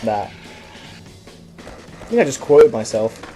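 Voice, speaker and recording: Guy, young, let's-play commentator, rambling and sweary, mid-pitched voice, faint music in the background. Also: sing-song, slow pace, warm tone. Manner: profane, rambling, self-mocking.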